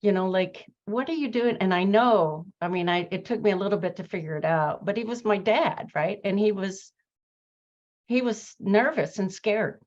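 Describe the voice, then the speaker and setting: A woman's voice: mid-range voice, moderate pace, a little mellow, muffled recording. A woman hosting a conversation who tells a personal story, reflective and full of fillers and restarts. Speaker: host. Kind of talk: conversational interview chat.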